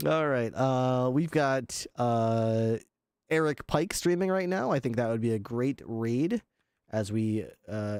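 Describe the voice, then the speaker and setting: A man's voice: medium pitch, darkish tone. A man livestreaming, chatting casually with his viewers, laughing often and swearing. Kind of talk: casual chat with stream viewers.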